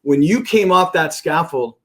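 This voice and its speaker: A man's voice: a little high, lively intonation, measured pace, a bit bright. A man hosting a casual podcast interview, eager and often restarting his sentences.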